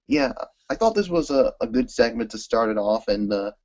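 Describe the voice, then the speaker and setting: A man's voice: mid-range voice, animated, normal speed, darkish tone. A man co-hosting a casual podcast, rambling through his thoughts with many "uh"s. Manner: rambling, filler-heavy recap. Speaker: co-host. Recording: slightly dull lo-fi audio.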